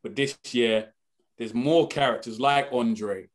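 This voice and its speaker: In a radio studio, a young man from the United Kingdom guests on a morning show as an actor, speaking with earnest animation and dropping "man" often during the casual interview. He has a mid-range voice and takes his time.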